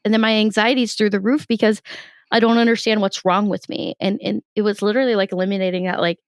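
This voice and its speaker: A woman's voice: medium pitch, fast, clean tone, no echo. A young woman, a comedian, telling stories in a casual interview, laughing often and acting out what people said. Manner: animated storytelling, laughs often, acts out quotes. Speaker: podcast guest, comedian. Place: in her bed.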